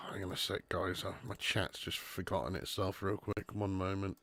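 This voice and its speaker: A man hosting a live football watch-along, sweary and bantering, swinging into excitable commentary. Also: low-pitched, unhurried. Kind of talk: live match commentary and chat.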